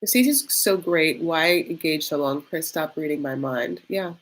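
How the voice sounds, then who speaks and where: A woman's voice: deep voice, normal speed. A woman hosting a casual live reaction stream, chatty and catty, reading viewer comments aloud and filling her talk with "like".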